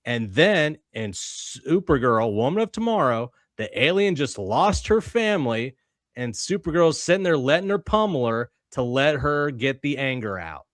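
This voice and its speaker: A man's voice: mid-range voice, very animated, normal speed, fairly bright tone, no echo. A man with an ordinary mid-range voice walks through comic storylines. He pushes back on his friends and teases them. The recording is dry and close-miked. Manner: argumentative, teasing. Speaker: podcast host. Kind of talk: casual comic-book chat.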